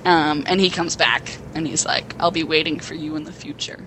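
A young woman co-hosting a podcast, excitedly rambling through a plot retelling with acted quotes. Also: low-pitched, moderate pace, noisy background. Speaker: podcast co-host. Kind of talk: casual chat.

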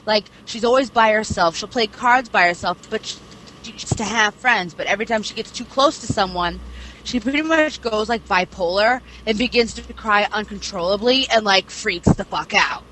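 A young woman talks in a loose, rambling way, circling back with "you know" and "like" and dropping casual swears. A steady hiss of background noise sits under her voice. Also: medium pitch, moderate pace, rough recording. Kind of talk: casual chat, retelling a series plot.

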